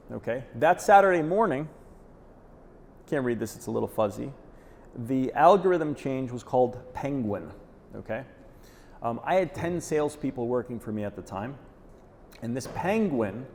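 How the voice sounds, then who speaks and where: A man's voice: mid-range voice, vocal fry, a little mellow. A man giving a live conference talk, punchy and direct, often checking in with "okay?" after a point. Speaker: conference presenter. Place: conference hall. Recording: reverberant hall, faint noise.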